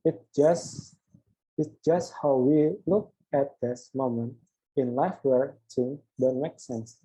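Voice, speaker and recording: A man's voice: mid-range voice, fairly even intonation, slow, dark tone, slightly rough, low-quality recording. A young man, a student, reads an interview script aloud and voices both the host and the guest, stumbling and restarting on words. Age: young adult. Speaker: student presenting an assignment.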